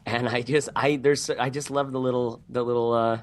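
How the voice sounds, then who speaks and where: A man's voice: mid-range voice, steady tone, normal speed. A man who is a guest on a podcast, talking in a playful, teasing, joking way. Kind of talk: casual podcast chat.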